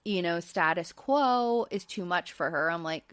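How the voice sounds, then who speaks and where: A woman's voice: fairly low pitch, unhurried, smooth, no room sound. Chatty woman podcaster, dry close sound. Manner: chatty, with frequent fillers and light laughs. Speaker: podcast host. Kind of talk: casual recap chat.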